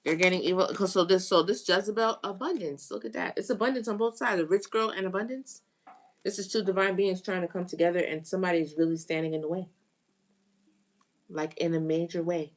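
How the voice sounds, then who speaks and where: A woman with a somewhat low voice gives a live tarot reading. She talks in an animated way and repeats phrases for emphasis. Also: a little fast. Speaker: tarot reader.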